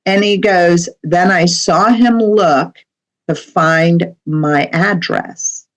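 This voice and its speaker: A woman's voice: fairly low pitch, extremely slow, rough recording. A middle-aged woman, a medium, telling a personal story as a podcast guest in a chatty way, with many fillers and asides.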